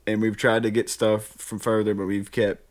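A man's voice: fairly low pitch, little pitch movement, moderate pace. A man co-hosting a casual podcast. He jokes around, stumbling over fillers and breaking into laughs. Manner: jokey, lots of fillers and laughing. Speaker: podcast co-host. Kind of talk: casual chat.

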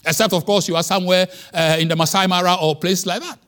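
A man preaching a sermon as pastor, emphatic, with wide swings in pitch and loudness. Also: fairly even intonation, fast talker.

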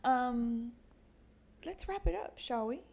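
Slow yet animated, this young woman's voice sits high, with a creaky, darkish quality and a little hiss or hum in the audio. She hosts her own podcast alone, casually crude and self-mocking, swearing often and laughing at her own jokes.

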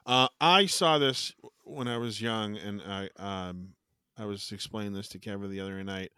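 A man's voice: on the low side, normal speed, bright, forceful tone, clear, resonant tone, no room sound, studio quality. Swearing, rambling podcast co-host man. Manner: rambling, restarts often, swears casually. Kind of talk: casual chat.

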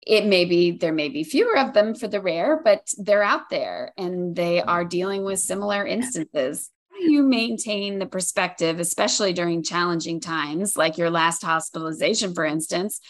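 A woman hosting an interview, asking questions in a measured, supportive way. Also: fairly low pitch. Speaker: interview host.

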